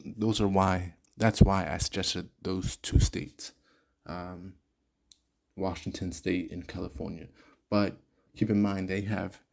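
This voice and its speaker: Gravelly, low-voiced man giving blunt advice. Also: a little mellow. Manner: blunt and candid, talks straight to listeners. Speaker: podcast host. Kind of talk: casual advice monologue.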